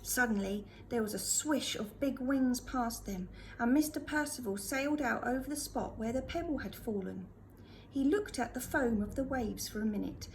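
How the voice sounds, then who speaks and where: Woman reading a story to a class, expressive, high voice, faint background hum. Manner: expressive read-aloud. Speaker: reader for a school class.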